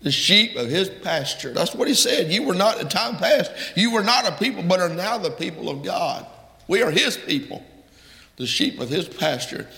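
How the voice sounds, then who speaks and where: A man preaches, his voice gravelly and slightly high. His delivery is fervent and builds to loud, emphatic peaks. The recording carries a long reverb that makes the hall sound big and distant. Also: sing-song, moderate pace. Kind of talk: sermon. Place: church sanctuary. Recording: echoey hall from far off.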